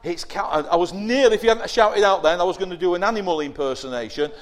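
A man giving a lively children's sermon, asking the young listeners questions and acting out whiny voices. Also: high voice, fast. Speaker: preacher giving a children's talk.

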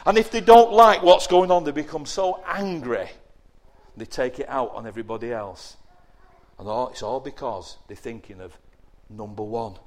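A man giving a lively children's sermon, asking the young listeners questions and acting out whiny voices. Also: medium pitch, normal speed. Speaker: preacher giving a children's talk.

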